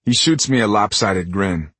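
Husky male audiobook narrator. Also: fairly low pitch, normal speed, no echo. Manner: expressive, voices every character. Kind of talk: first-person scripted narration.

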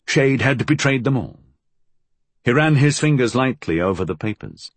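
A man reading a novel aloud as an audiobook narrator, measured and expressive. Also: medium pitch, no echo.

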